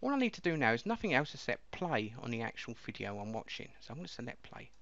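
A man's voice: medium pitch, very animated, quick pace, vocal fry, a bit bright. Chatty man doing a walkthrough. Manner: chatty, explaining step by step. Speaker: software reviewer. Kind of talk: casual screen-recording walkthrough. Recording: dull lo-fi dry mic.

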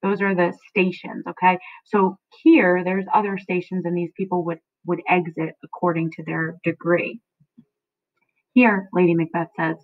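A woman's voice: on the low side, flat delivery, normal speed, no echo. A woman teacher explaining a play to her students, checking in often with a questioning "okay?". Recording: dry, tinny phone-like sound.

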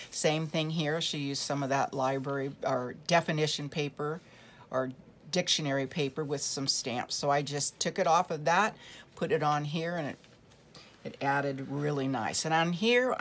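Low-voiced lady chatting through her craft project, rambly, lots of ums. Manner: chatty, rambling, many fillers and restarts. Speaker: craft vlogger. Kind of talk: casual show-and-tell craft tutorial.

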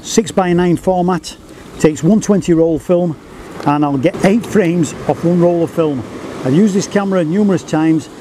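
A man's voice: high voice, normal speed, mellow, slight background noise. Chatty man by the sea. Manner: enthusiastic, chatty, reads notes verbatim. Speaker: photography YouTuber. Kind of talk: casual camera review vlog. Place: outdoors by the coast.

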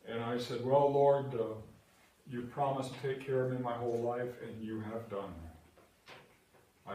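A man's voice: mid-range voice, a little mellow. An older man preaching a sermon as pastor, telling a personal story earnestly and building to emphatic, repeated declarations. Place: church sanctuary. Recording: echoey church hall from far off.

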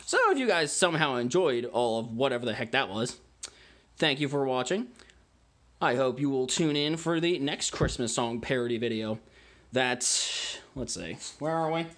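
A man's voice: mid-range voice, moderate pace, a bit bright. A man hosting a casual home video, tasting wine and chatting to his dogs between remarks. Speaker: amateur wine vlogger.

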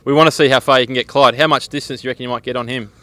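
Male host, bright voice, cheeky interviewer. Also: mid-range voice, fairly even intonation, rapid-fire, dry recording. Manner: teasing, banter-filled questions. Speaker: sports interviewer. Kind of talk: jokey sports interview.

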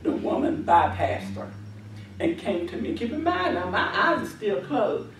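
A woman's voice: on the low side, huge pitch swings, measured pace, slight background noise. A woman minister giving a testimony and then leading a deliverance prayer with fervent, repetitive commanding cries. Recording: echoey hall from far off.

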